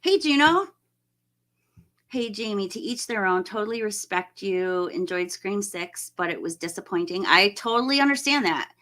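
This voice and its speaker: A woman's voice: mid-range voice, expressive, moderate pace, a bit bright. A woman hosting a casual live stream, chatting and greeting viewers by name, laughing often.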